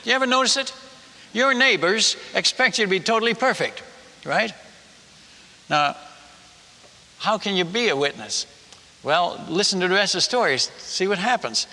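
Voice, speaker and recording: A man telling a personal story in a sermon, chatty and animated, stumbling over restarts and asking the audience questions. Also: high-pitched, normal speed, long pauses. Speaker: missionary preacher. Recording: echoey hall.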